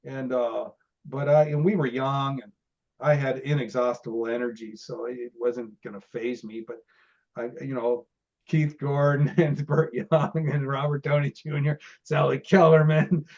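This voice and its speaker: A man's voice: mid-range voice, level tone, a little slow, darkish tone, lo-fi sound. A middle-aged man, an interview guest, telling stories from his days as a film extra in a rambling, chatty way with many restarts and laughs. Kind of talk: casual storytelling interview.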